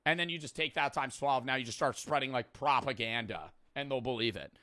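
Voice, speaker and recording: A man's voice: mid-range voice, a little fast, bright, forceful tone, no room sound. A young man streaming, reacting to a prank video with blunt, jokey, foul-mouthed commentary on a close mic. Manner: blunt, swears freely, jokey.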